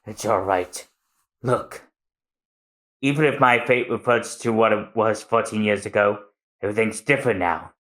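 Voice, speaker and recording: A man voicing a calm, resigned old fishman shipwright in a soft, low manga read-aloud. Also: normal speed, natural voice. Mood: resigned, tender. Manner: soft, low and gentle delivery.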